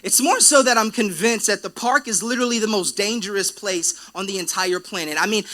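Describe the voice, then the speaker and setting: A young man preaching to his church in a relaxed, joking way, with a high, bright voice that carries. He tells playful stories and keeps turning to the congregation with asides. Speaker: pastor. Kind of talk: sermon. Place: church auditorium.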